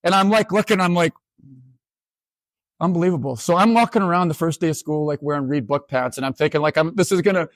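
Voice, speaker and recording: Man in his 40s, Canadian, keynote storyteller, self-mocking, fairly high voice, dry sound, lively comic delivery. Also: no echo. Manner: animated, self-mocking, quick asides. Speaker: keynote speaker. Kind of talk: humorous storytelling talk.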